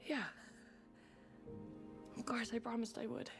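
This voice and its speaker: A woman's voice: on the high side, flat delivery, measured pace. An actress playing an earnest, emotional young mother in a scripted drama. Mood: tender. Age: young adult. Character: young mother tempted by witches. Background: music.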